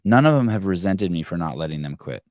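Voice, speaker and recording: A man's voice: low-pitched, very animated, quick pace, darkish tone, no room sound, clean studio sound. A man in his forties hosting a call-in podcast, telling blunt, profane stories in casual chat. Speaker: podcast host.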